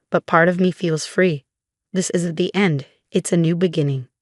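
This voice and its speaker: Low-voiced woman narrating a story. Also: dry recording, clean studio sound. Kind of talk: scripted first-person story narration.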